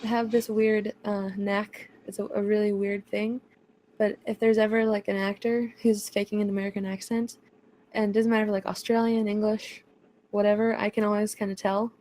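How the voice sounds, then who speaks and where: A chatty woman co-hosting a podcast, gushing about what she watches and laughing as she goes. Her voice sits at an ordinary middle pitch. A faint hiss of background noise runs under the recording. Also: level tone, moderate pace, mellow. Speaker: podcast co-host. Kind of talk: casual chat.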